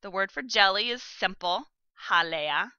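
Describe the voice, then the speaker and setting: A woman teaching a vocabulary lesson, pronouncing each word slowly and carefully and giving plain instructions to her students. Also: medium pitch, animated, sharp tone, smooth, dry recording, muffled recording. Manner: slow, careful pronunciation of vocabulary. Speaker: language teacher.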